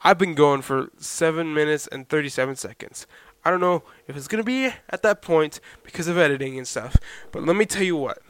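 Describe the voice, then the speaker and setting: A young man hosting a solo podcast, talking loudly to listeners on a badly set microphone and checking in with "okay?" and "all right?" again and again. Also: on the high side, brisk, clean tone, no echo. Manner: loud, talks to listeners with repeated "okay?". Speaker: podcast host. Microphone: poorly set podcast microphone.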